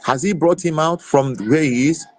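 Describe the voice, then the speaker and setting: A man's voice: fairly high pitch, moderate pace, a little mellow. A man speaking passionately in a live audio room, often restarting and repeating words as he gets heated. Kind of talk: impassioned political speech.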